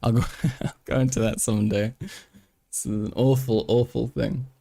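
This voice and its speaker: A man's voice: mid-range voice, steady tone, moderate pace, vocal fry, warm tone, dry recording, studio quality. A man live-streaming casual commentary, joking and swearing as he reacts to a video. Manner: joking, swearing, switches into mock French.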